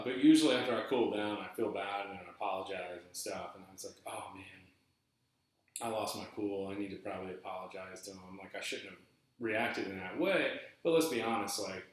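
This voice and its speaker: A podcast host telling a story from his past in a loose, rambling way, with plenty of "like" and "uh." His voice sits a bit low. The recording is very echoey, as if he were in a bare room. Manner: rambling, animated, lots of fillers. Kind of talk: casual storytelling monologue.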